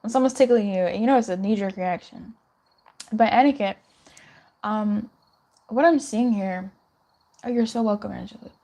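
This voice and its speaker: A woman's voice: mid-range voice, moderate pace, long pauses, warm tone. A young woman doing a live tarot reading in a chatty, reassuring way, giggling and swearing now and then. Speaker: tarot reader.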